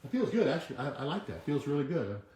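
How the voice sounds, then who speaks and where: A man's voice: on the high side, very animated, racing, mellow. A man hosting a weekly wellness video, giving a motivational talk and coaching listeners through movements and repeated affirmations. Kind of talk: motivational talk with guided exercise. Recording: echoey room.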